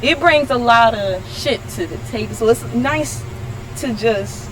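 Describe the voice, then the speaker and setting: A young woman hosting a casual podcast chat, frank and animated, swearing freely. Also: on the high side, measured pace. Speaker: podcast host. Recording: noisy background.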